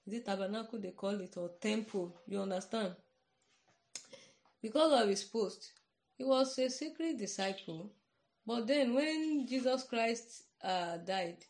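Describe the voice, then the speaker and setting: A woman's voice: mid-range voice, darkish tone. Nigerian woman, podcast preacher, earnest and chatty, a middle-register voice. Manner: earnest, repeats "you understand?". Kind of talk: informal podcast sermon.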